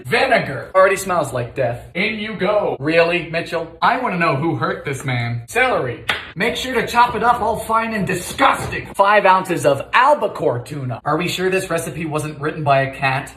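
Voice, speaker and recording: A man doing comedic cooking commentary on old recipes in his home kitchen, with deadpan one-liners and ingredients called out in sudden shouts. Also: high-pitched, moderate pace, echoey room.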